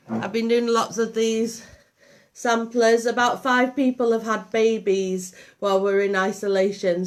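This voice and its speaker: A woman with a Liverpool and Lancashire accent hosting a live craft demonstration, chatty and meandering with many ums and restarts. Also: mid-range voice. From Liverpool and Lancashire, England. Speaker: craft workshop host.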